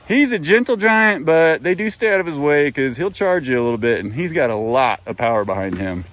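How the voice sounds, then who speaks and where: A man's voice: medium pitch, animated, a little fast, a little hiss or hum. Man chatting fondly with his goats. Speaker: goat farmer and vlogger. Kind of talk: casual chat with the animals. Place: outdoors in a goat pen.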